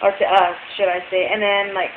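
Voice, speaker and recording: A woman's voice: mid-range voice, level tone, a little fast. A worn-out woman in a casual vlog, rambling along with lots of fillers. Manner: rambling, chatty, many fillers. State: exhausted. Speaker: vlogger. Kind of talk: casual chat. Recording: tinny phone-like audio with hiss, echoey room.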